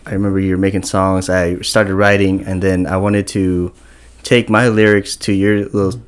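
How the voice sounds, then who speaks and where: Low-voiced man host, relaxed chat. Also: normal speed, smooth. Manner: relaxed, laughs, restarts his own freestyle. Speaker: podcast host. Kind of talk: casual podcast chat.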